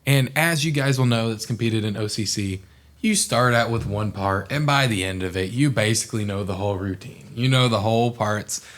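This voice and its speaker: Lively low-voiced young man telling stories. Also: normal speed. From Oklahoma. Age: young adult. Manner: animated storyteller, acts out quoted people. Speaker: podcast guest. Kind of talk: casual storytelling chat.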